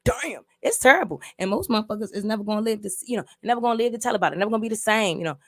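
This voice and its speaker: A woman's voice: medium pitch, expressive, rapid-fire, a bit bright, no room sound, clean studio sound. A woman casually recapping and reviewing a movie, telling the story in an emphatic, profane way with lots of repeats.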